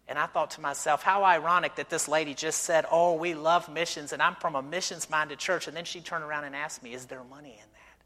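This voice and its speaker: A man's voice: a little high, steady tone, fairly quick, few pauses, sharp tone, long reverb tail. A middle-aged man who is a missionary, preaching a sermon in a church and telling stories with rhetorical questions. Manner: conversational storytelling with rhetorical questions. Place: church sanctuary.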